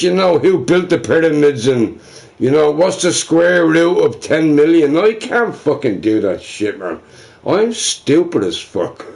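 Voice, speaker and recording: Brief: male streamer, unhurried and rambling, pitch swings a lot, swears constantly, self-deprecating. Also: vocal fry, a little mellow. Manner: rambling, profane, self-mocking, laughing between remarks. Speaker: livestreamer. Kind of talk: casual livestream chatter.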